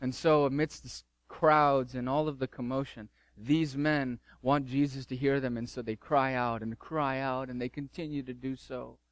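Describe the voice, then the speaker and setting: A man's voice: medium pitch, fairly even intonation, moderate pace, few pauses, no room sound. Fervent male preacher, dry sound. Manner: fervent preaching with emphatic repetition. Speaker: pastor. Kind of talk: sermon.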